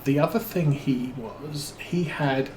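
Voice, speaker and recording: Slow, rambling man in an echoey room. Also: mid-range voice, a little mellow, slight background noise. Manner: rambling, hesitant, many fillers and restarts. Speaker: streamer. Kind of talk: casual storytelling while playing a farming game.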